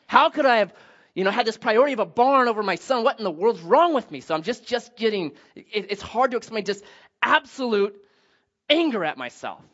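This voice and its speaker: A man in his thirties telling a personal family story as a sermon, animated and self-deprecating, acting out the voices of his family. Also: high-pitched, brisk, muffled recording.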